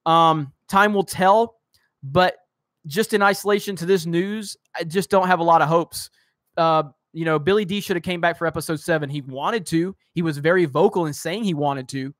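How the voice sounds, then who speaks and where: A man's voice: a little high, normal speed, a bit bright, no echo, studio quality. A man hosting a live stream, reading chat comments aloud and ranting heatedly, swearing at trolls. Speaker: host of a live-stream show.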